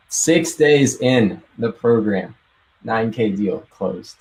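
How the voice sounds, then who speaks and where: Low-voiced excited young man. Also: measured pace, rough recording. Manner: excited, casual, swears and laughs often. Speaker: guest sharing success story. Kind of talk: casual storytelling on a live call.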